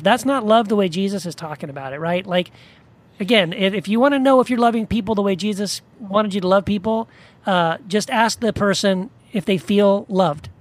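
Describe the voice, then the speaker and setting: A podcast co-host with a high voice talks a little fast about faith. His casual discussion is earnest and rambling, full of restarts.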